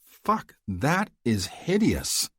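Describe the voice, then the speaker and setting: A woman's voice: lowish voice, sing-song, normal speed, a little mellow, no room sound, studio quality, pitched above the performer's own voice. A man voicing a brash, foul-mouthed young woman who talks bluntly and sarcastically in an audiobook. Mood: disgusted. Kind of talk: audiobook character voice.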